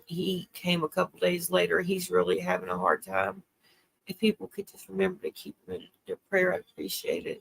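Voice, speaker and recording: A woman's voice: on the low side, gravelly, a bit bright. An older woman, hosting a casual livestream, talking tearfully and answering viewer comments. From South Carolina. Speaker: livestream host.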